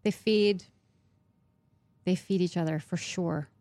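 A woman's voice: lowish voice, steady tone, slow, mellow, no echo. A woman guest on a podcast, an actress and producer, talking in an easygoing, candid casual chat and swearing now and then.

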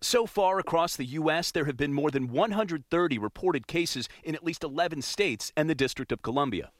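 A male news correspondent narrating a report in a measured, formal delivery. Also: fairly high pitch, animated, dry recording, clean studio sound.

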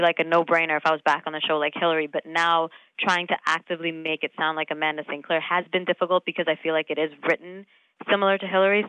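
A woman in her thirties, an actress talking casually in an interview, animated, laughing often and full of fillers. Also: fairly low pitch, clear, resonant tone, dry recording, dull audio. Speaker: actress guest.

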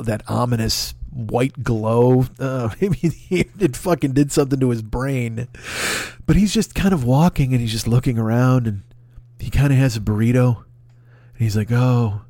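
A man telling a rambling comic story, profane and animated, acting out other people's voices. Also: medium pitch, no room sound. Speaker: comedy podcast host.

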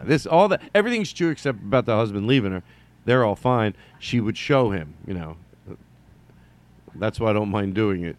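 A middle-aged man hosting a solo comedy podcast, rambling and joking, jumping from loud bursts to mumbled asides. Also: medium pitch. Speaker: podcast host.

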